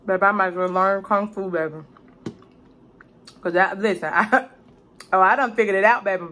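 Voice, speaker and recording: Eating on camera in a relaxed mukbang, this woman cooking vlogger talks at normal speed in a medium-pitched voice. She's loud and chatty, curses freely and calls whoever's watching "baby."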